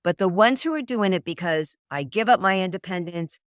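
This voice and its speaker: A middle-aged woman dating coach speaks in a fairly low voice, telling stories and acting out the people in them. The sound is dry and close, with no room echo. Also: brisk. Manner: animated storyteller, acts out quoted voices. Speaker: dating coach, podcast guest. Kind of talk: conversational interview.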